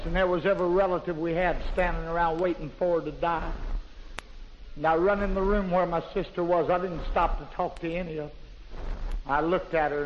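A man preaching a fervent testimony in a plain, folksy way, building up to loud, shouted praise. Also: a little high, big-room sound. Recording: dull lo-fi recording with faint hiss.

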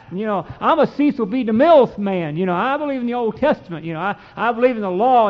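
High-voiced preacher in an echoing hall. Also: male voice, expressive, fast talker, few pauses. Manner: folksy, impassioned preaching with King James readings. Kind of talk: sermon. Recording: dull lo-fi recording with long hall reverb.

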